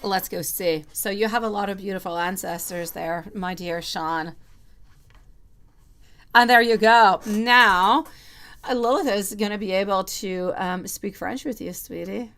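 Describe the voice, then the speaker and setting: A woman hosts a live tarot reading for her viewers, middle in pitch. She talks at length and drifts from point to point, and she calls her listeners sweetie and my lovely as she answers their questions. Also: normal speed, hardly any pauses. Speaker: tarot reader hosting a live stream.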